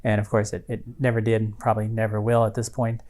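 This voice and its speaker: Man, low voice, flat delivery, casual podcast chat, rambling with fillers. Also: fast talker. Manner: rambling storyteller with many fillers and restarts. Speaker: podcast co-host.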